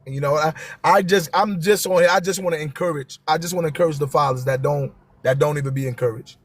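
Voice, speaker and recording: A man's voice: a little high, fast. A man, hosting a live stream and talking to viewers with passion, repeating his key phrases for emphasis.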